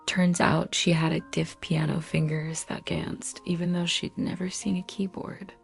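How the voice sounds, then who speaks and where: Woman, dramatic story narration, punchy short lines, gravelly low voice, faint music behind. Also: little pitch movement, unhurried.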